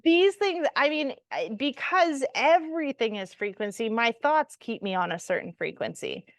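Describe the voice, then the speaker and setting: A woman co-hosting a spiritual podcast in casual chat, animated, laughing and swearing freely. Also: sits high, moderate pace, dry recording. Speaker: podcast co-host.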